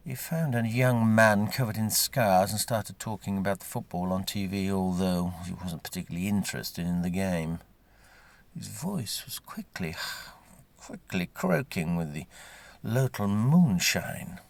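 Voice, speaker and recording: A man reading a story aloud, wry and unhurried. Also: lowish voice, animated, creaky, dry recording. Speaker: narrator.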